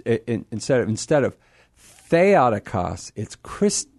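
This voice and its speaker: A man speaking as a guest on a radio show, explaining things in an animated, self-deprecating way. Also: mid-range voice, a little slow, dry recording. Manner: animated, explanatory, laughs at himself. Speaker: guest, apologist.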